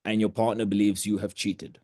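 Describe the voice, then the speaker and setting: A man's voice: fairly low pitch, little pitch movement, a little mellow, no echo, studio quality. A man coaching trainees over a video call, blunt and direct as he runs role-play drills. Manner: blunt, direct, quick to cut in. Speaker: sales coach.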